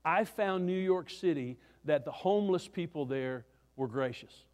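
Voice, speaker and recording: Male preacher, high-pitched, folksy sermon storytelling with restarts, reverberant hall. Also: expressive, normal speed, a little mellow.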